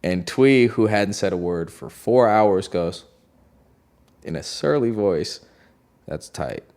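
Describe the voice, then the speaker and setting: A man's voice: lowish voice, takes it slowly, a little mellow. A man, a music producer, telling a studio story in a loose, slangy way, heavy on "like". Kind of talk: casual storytelling.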